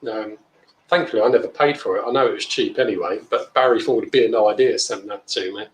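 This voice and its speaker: A beer review channel host runs a casual live stream, chatting bluntly and reading out viewer comments. His voice is lowish and brisk, and the rough recording sounds reverberant.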